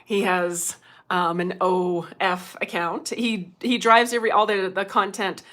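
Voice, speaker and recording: Her voice is mid-range, with little pitch movement and a fairly bright tone. She's a middle-aged medium hosting a relaxed livestream, chatty, quick to laugh, and welcoming viewers by name.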